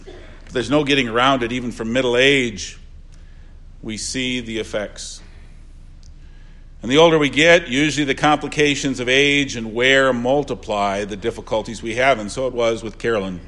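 An older male pastor delivers an earnest funeral sermon at a middling pitch. He repeats key phrases for weight, drops to quiet, low asides, then lifts his voice for emphasis. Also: fairly even intonation, moderate pace.

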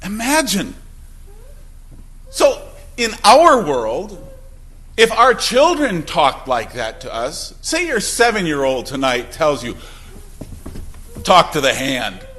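A male pastor preaching a sermon, swinging between emphatic outbursts and quiet, low asides. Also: very animated, slow pace, long pauses. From Wisconsin. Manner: emphatic preaching with sudden loud and soft swings.

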